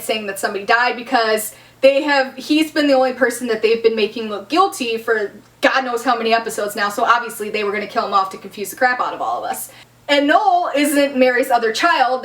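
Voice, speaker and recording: Young woman, high-pitched, excitable, laughing, casual recap, distant mic. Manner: excitable, laughs often, acts out scenes. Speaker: vlogger.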